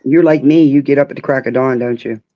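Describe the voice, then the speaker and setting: Frank, chatty caller, mid-pitched, on a dull dry line. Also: fast, dry recording. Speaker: caller on a livestream. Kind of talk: casual call-in chat.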